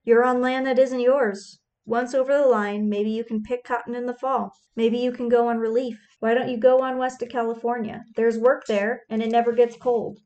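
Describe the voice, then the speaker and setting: Woman doing stern land owner men, firm, matter-of-fact, kinda high voice, storybook reading. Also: level tone, moderate pace, hardly any pauses, darkish tone, dull audio, lightly acted. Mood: insistent. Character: group of stern landowning men.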